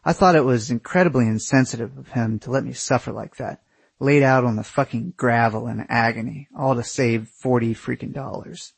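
A man's voice: mid-range voice, normal speed, vocal fry, slightly rough, dry recording. A young man narrating his own travel story in the first person, crude and wry.

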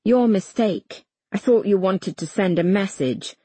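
A woman reading an audiobook, voicing a stern male army colonel who speaks in a low, slow, purring way. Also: expressive, breathy edge, no room sound. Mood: cold, commanding. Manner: low, slow, quiet purr. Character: stern middle-aged male army colonel, cold and commanding.

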